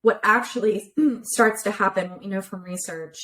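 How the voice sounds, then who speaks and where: A woman relationship therapist, a podcast guest, explains ideas clearly in a conversational interview over a remote call, and she uses many everyday examples. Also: medium pitch, normal speed, a bit bright, low-quality recording.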